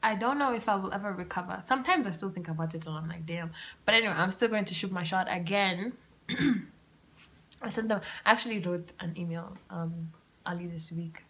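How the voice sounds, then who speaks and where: A young woman, hosting a podcast and telling a personal story in a chatty, animated way with asides and laughter. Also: on the low side, moderate pace. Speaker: podcast host. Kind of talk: casual storytelling monologue. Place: home room with open windows.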